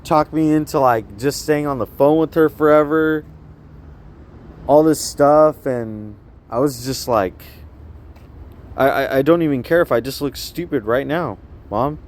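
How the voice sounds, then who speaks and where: A man's voice: fairly high pitch, unhurried. A man filming himself outdoors on a city street with a handheld phone, talking in an agitated, repetitive, rambling way and asking the viewer over and over whether they see what he sees. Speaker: vlogger. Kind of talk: rambling self-filmed monologue.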